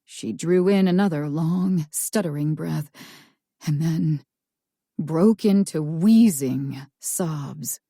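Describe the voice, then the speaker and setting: A woman narrating a first-person thriller audiobook in a slow, tense storytelling manner. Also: sits low, warm tone, breathy edge, no echo, studio quality.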